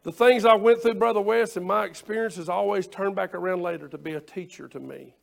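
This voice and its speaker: A man's voice: high-pitched, fairly quick, vocal fry. A male pastor preaching a sermon, quoting scripture in old-fashioned wording and repeating phrases for emphasis.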